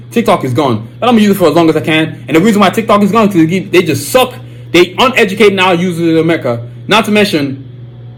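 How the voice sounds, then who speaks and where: A young man hosting a solo podcast, talking in a boastful, slang-heavy, animated way. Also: high voice. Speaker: podcast host.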